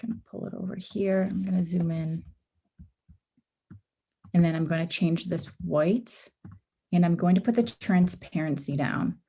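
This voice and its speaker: A woman runs a live design tutorial over a video call, talking step by step in an easygoing way. Her voice sits low and mellow, a little worn because she is losing it. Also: a little slow, long pauses, husky. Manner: casual, step-by-step, with frequent ums and oopses. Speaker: workshop instructor.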